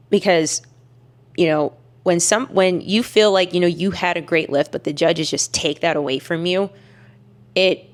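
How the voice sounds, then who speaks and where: A woman's voice: low-pitched, steady tone, moderate pace. A young woman telling a personal story to camera in a candid, emphatic way, with many fillers and restarts. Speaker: weightlifter vlogger.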